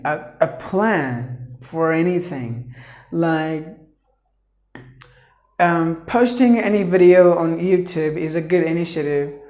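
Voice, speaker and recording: A man's voice: high voice, darkish tone, echoey room. A man teaching a pronunciation lesson, repeating each word several times and drawing it out for drilling.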